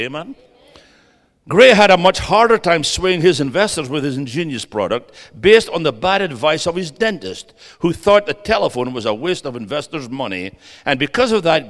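A middle-aged man preaching as a guest preacher, energetic and calling on the audience to respond, building to emphatic bursts. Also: medium pitch. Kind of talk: sermon. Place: church sanctuary. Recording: long church reverb.

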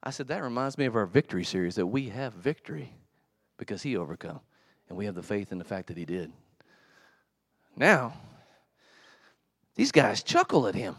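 A man's voice: medium pitch, dry recording, clean studio sound. A man preaching a casual, slangy sermon in a church. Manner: animated storytelling, slangy, with acted asides. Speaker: pastor.

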